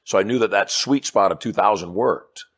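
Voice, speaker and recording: A middle-aged man, a hypnotist and persuasion trainer, telling animated stories in an interview and acting out the dialogue. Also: fairly low pitch, normal speed. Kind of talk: storytelling interview chat.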